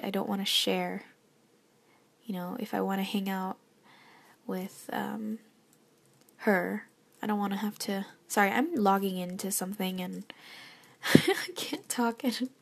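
A young woman giving a rambling, halting late-night rant that is often whispered and self-deprecating. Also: medium pitch, gravelly, husky. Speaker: vlogger.

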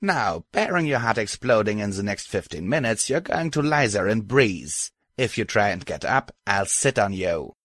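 Man voicing a cocky armored mare, casual smirking delivery, lowish voice lifted a little, dry close read. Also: very animated, normal speed, hardly any pauses, a bit bright, no room sound. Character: armored female pony killer, cocky, grinning.

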